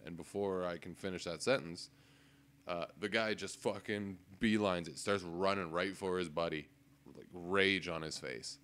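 There's a little hiss or hum on this podcast co-host's desk-mic recording. He has a low voice at a moderate pace and tells a casual story animatedly, swearing a lot and laughing along the way.

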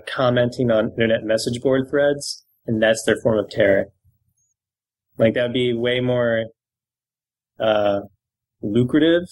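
A man's voice: medium pitch, poor audio. Wry man riffing on the news. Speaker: podcast co-host. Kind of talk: casual comedic chat.

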